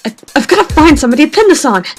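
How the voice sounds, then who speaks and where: Woman voicing a frantic male killer, shouting, high and loud, game music behind. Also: very animated, rapid-fire. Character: panicked male killer scheming to frame someone.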